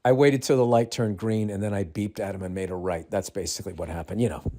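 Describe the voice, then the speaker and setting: 50s guy, slightly low voice, cussing nonstop on his podcast, rambly and exasperated. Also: fairly even intonation, quick pace, dark tone. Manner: profane, rambling storyteller with frequent swearing; exasperated, incredulous ranting. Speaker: podcast host. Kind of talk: casual solo ranting monologue.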